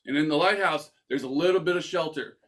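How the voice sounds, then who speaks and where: A young man hosting a casual podcast, his voice sitting a little high. He talks animated, swearing freely and leaping into quoted voices as he spins a scenario for his friends. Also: fast talker. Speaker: podcast host. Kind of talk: casual storytelling.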